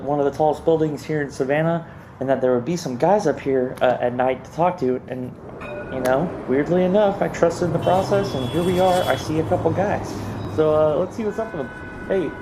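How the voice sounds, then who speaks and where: A man hosting a radio segment from a rooftop at night, rambling with bemused commentary. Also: a little high. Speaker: radio host reporting in the field. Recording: noisy outdoor field recording.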